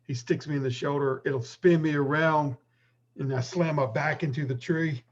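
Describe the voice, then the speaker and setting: A man's voice: a little high, fairly even intonation, moderate pace, highs cut off. A man playing a tabletop game, casually describing his character's actions and thinking aloud. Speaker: player.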